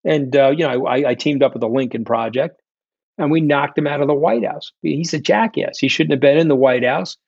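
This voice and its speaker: A man's voice: a little high, a little fast, gravelly, a little mellow, husky, no echo, lo-fi sound. A middle-aged man, a guest in a candid interview, telling his story in a blunt, profane, combative way. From New York. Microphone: remote call.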